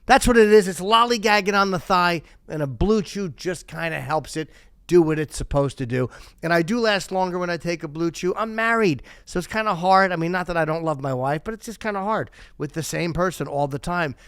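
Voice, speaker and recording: A man in his fifties with a fairly high, smooth, resonant voice reads sponsor ads live on a podcast. He keeps drifting off script into crude, sarcastic asides. The sound is dry and close. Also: brisk, a bit bright, dry recording. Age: 50s. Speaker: podcast host.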